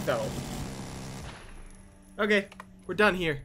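A young man playing a video game and commenting casually, swearing often and yelling at the game. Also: high-pitched, takes it slowly, long pauses, very noisy. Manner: animated, swears a lot, yells at the game. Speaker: gaming YouTuber. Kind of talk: casual let's-play commentary.

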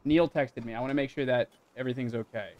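A man's voice: medium pitch, steady tone, quick pace, muffled recording. A young man chatting casually and swearing while he streams a game and talks to his chat. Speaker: livestreamer. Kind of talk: casual live game commentary.

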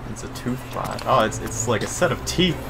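A man's voice: medium pitch, animated, normal speed, creaky, loud music behind the voice. A young man who laughs often and makes crude jokes while playing a video game with a friend. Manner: giggly, drawling, crude jokes. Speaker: gamer co-host. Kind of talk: casual let's-play banter.

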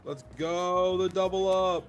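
A man reacting loudly and swearing while playing cards with others in a game. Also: high-pitched, steady tone, highs cut off, soft background music. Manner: loud, swears, quick reactions. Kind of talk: casual gaming chat.

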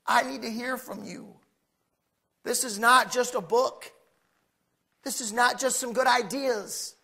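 A middle-aged male pastor preaching a folksy sermon that swings from quiet asides to shouted points. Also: extremely high pitch, fairly even intonation, takes it slowly, creaky, long pauses, slightly rough.

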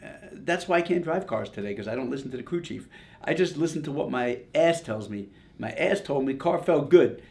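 An older man telling a casual, animated story about his racing days, full of "you know" and "like". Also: mid-range voice, brisk. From Long Island, New York. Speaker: retired drag racer telling a story.

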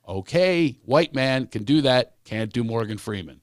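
A man's voice: medium pitch, animated, unhurried, few pauses, no room sound, clean studio sound. A man who is a comedian guest, ranting animatedly and repeating words when fired up. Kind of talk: animated podcast conversation.

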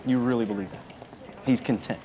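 A man's voice: mid-range voice, fairly even intonation, a little fast, dark tone, slight background noise, natural voice. An actor playing a new hospital dean who speaks firmly but pleads with his staff. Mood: earnest. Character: new male dean, earnest, trying to be the boss.

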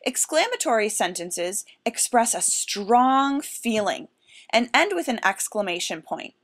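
A woman with a fairly high, very lively voice gives a recorded classroom lesson. She explains each point in a clear, deliberate teaching tone. Her pitch moves a lot as she goes.

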